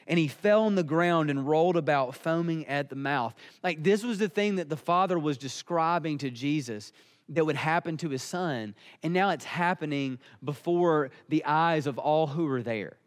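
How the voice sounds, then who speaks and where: A man's voice: fairly high pitch, in a large hall. A man preaching a sermon, earnest and emphatic. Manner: earnest, emphatic, building in intensity.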